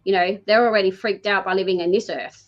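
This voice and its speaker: A woman healer, a guest on the show, telling stories in a chatty, animated way full of fillers. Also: mid-range voice, quick pace. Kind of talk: casual conversational storytelling. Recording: dull lo-fi audio.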